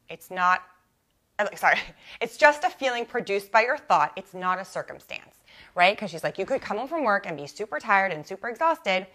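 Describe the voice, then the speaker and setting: A young adult woman hosting her own coaching podcast, talking casually and animatedly, full of "like" and quick self-corrections. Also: medium pitch, a bit bright. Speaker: life coach and podcast host. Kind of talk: casual solo podcast teaching.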